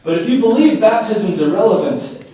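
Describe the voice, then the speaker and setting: A man performing live stand-up comedy, animated and slipping into mock voices for his characters. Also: high voice, moderate pace, noisy background. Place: live venue with audience. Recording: echoey room, picked up from a distance.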